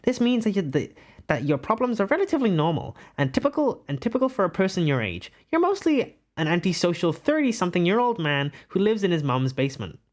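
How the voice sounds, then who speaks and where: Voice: mid-range voice, sing-song, fast talker, voice pushed up, lightly acted. A streamer puts on a voice to play a polite, formal guide who reads out quiz results to a passenger in a sing-song way. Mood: chipper formal. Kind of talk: comedic voice reading a quiz result.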